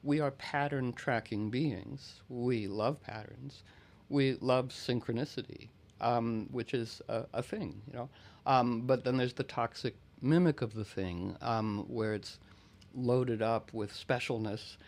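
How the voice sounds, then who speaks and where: A man hosting a relaxed talk, musing his way through ideas with many restarts and the odd throat-clear. His voice sits at an ordinary middle pitch, steady and unforced. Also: takes it slowly. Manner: discursive, reflective, often clears throat. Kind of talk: casual conversation.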